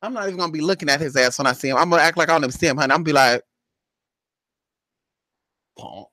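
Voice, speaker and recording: A woman's voice: deep voice, very fast, sharp tone, dry recording. A woman telling a neighborhood story in a casual, gossipy vlog. She talks animatedly, acts out other people's voices, and keeps calling the viewer "girl" and "honey". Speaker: spiritual reader and vlogger.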